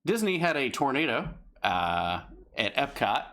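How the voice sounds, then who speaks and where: A man co-hosting a live stream, chatting casually, excitable and profane, laughing often. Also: medium pitch, measured pace. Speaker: stream co-host.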